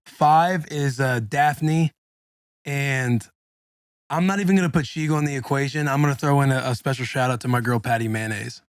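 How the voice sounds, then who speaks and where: A man's voice: mid-range voice, moderate pace, clean tone, no echo, studio quality. A man co-hosting a podcast, teasing and prompting the others in casual banter. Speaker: podcast co-host.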